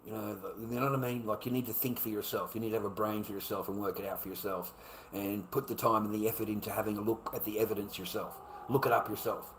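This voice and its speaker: A man's voice: on the low side, little pitch movement, fast talker, a little hiss or hum. A middle-aged man with an Australian accent, talking bluntly on his own livestream, swearing often, repeating himself and calling the viewer mate. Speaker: live streamer. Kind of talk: rambling casual livestream talk.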